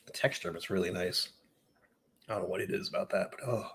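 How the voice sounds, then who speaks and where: Husky man musing on a live stream. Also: low-pitched, fast, a bit bright. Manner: rambling, self-mocking, reads chat comments aloud. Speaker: whiskey channel host. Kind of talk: casual live-stream tasting chat.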